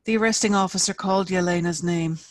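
A woman author reading her own fiction aloud at a live event, with measured, expressive narration. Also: on the low side. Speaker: featured author.

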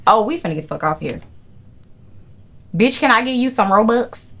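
A young woman commentating her horror gameplay, excitable and profane, with jumpy reactions. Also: a little high, moderate pace, a little hiss or hum. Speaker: gaming channel host. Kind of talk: live horror game commentary.

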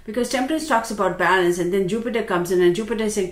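A woman giving a casual tarot reading, chatty and expressive, talking straight to the viewer. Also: mid-range voice, quick pace. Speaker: tarot reader. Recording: roomy with faint background noise.

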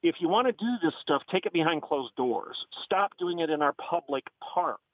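A man's voice: on the high side, animated, normal speed, no room sound. A man from Oklahoma, a guest on a radio talk show, speaking in an impassioned, emphatic way over the phone. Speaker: guest commentator. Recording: tinny phone line.

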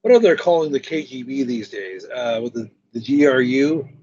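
A man's voice: mid-range voice, lively intonation, moderate pace, warm tone, breathy edge, dry recording, highs cut off. A man hosting a stream, chatting casually and retelling a story with other people's words. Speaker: stream host. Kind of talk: casual conversation.

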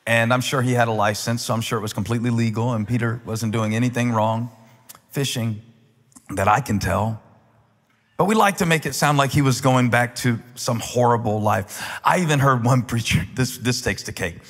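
A man's voice: mid-range voice, normal speed. A male pastor delivers a sermon with a wry, conversational touch that swells into emphatic, soaring preaching. His voice sits in an ordinary middle range. The sound carries the long reverb of a large church auditorium.

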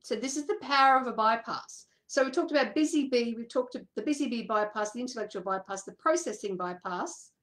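A woman, a coach telling a personal story to an audience in an animated way, acting out quoted voices and laughing often. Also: on the high side, fairly quick, few pauses.

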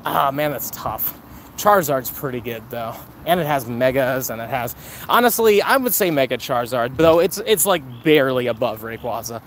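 A man's voice: mid-range voice, lively intonation, moderate pace, fairly bright tone, slight background noise. A man live-streaming a mobile game outdoors, chatting casually with viewers, joking and thanking donors.

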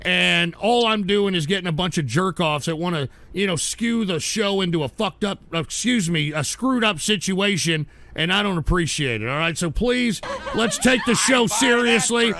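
A man hosting a livestream talk show, scolding his audience in an exasperated rant that keeps breaking into shouts. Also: high voice, moderate pace, hardly any pauses, slight background noise.

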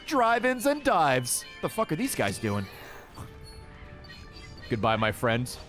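An American man giving casual, excitable gameplay commentary, joking and talking to the creatures on screen. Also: mid-range voice, takes it slowly, pauses often, soft background music. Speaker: gaming video creator.

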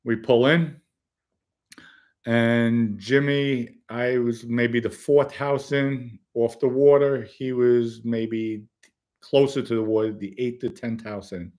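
A man tells stories in a loose, casual chat. He speaks bluntly, swears freely and laughs at his own jokes, his voice sitting in a plain middle pitch. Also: steady tone, slow, a little mellow. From the Bronx, New York. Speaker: podcast host telling stories.

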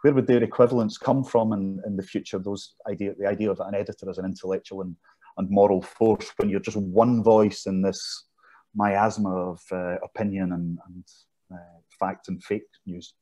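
A man's voice: deep voice, steady tone, normal speed, warm tone. A man interviewing a guest over a video call, asking long, reflective questions. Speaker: interviewer, think-tank director.

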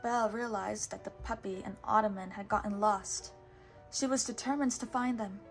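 A woman reading a children's storybook aloud in a steady, patient way, now and then correcting a word. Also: mid-range voice, normal speed, faint music behind. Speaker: storybook reader.

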